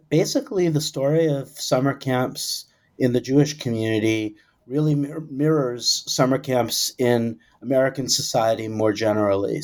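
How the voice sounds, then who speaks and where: A man's voice: mid-range voice, darkish tone. A man answering an interview question in a thoughtful, explanatory way. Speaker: scholar guest.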